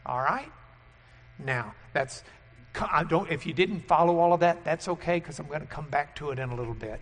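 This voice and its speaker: A man preaching a sermon and teaching at a board, emphatic and loud on key words. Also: fairly high pitch, expressive, normal speed, big-room sound.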